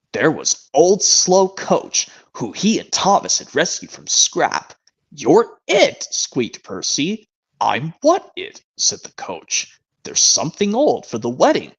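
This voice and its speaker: A man imitating a slow storybook narrator. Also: medium pitch, huge pitch swings, husky, exaggerated voice. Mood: storytelling. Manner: slow, deliberate storytelling read. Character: calm male storybook narrator. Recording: dull lo-fi stream mic.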